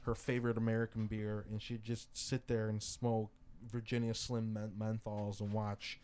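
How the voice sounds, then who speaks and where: A young man co-hosting a podcast, talking in a laid-back, slangy way and getting animated when he tells stories. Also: fairly low pitch, normal speed, clean tone. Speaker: podcast co-host. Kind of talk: casual chat.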